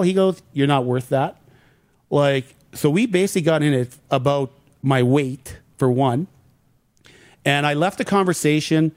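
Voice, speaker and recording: Middle-aged male ex-athlete guest; slightly higher voice, animated storyteller who acts out the dialogue, dry room. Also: no echo. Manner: animated anecdotes acting out quoted dialogue. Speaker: former pro hockey player, guest. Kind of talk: casual storytelling in an interview.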